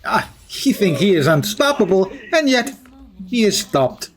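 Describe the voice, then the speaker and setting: In in-character game commentary, a man voices a huge, boastful, steel-skinned male hero using a mock Russian accent. His high voice is sing-song, a little slow, and pushed up, and his phrasing is solemn, formal, grandly pompous, and drops articles.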